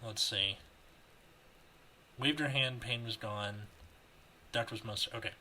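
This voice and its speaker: Podcast host, bright, crisp tone, jokey and rambling on a video call. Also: male voice, fairly low pitch, takes it slowly, a little hiss or hum. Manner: joking, rambling, laughs often. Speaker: podcast host reading fanfiction. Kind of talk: reading aloud and casual chat.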